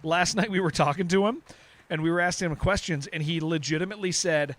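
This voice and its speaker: A man's voice: high-pitched, fast, fairly bright tone. A man streaming a game who chats casually and rambles, often restarting his sentences. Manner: rambling, restarts sentences, says dude a lot. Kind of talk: casual livestream chat.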